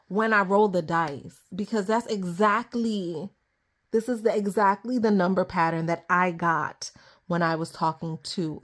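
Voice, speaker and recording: A young adult woman giving a casual tarot reading to camera at her table, chatty and easily excited, laughing often. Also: lowish voice. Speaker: tarot reader.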